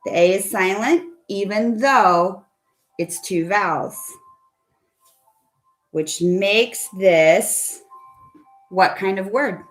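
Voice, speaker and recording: Over a video call, a woman teaches children phonics at an unhurried, deliberate pace. Patient and coaxing, she often pauses to ask her students questions. Her voice is mid-range, with soft music playing in the background.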